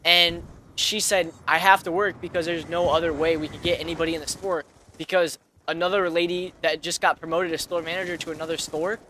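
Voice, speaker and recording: Guy in his 20s rambling thru a story on his vlog, lots of ums, bright tone, slight noise. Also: on the high side, flat delivery, a little fast. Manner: rambling, with many fillers and restarts. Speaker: vlogger.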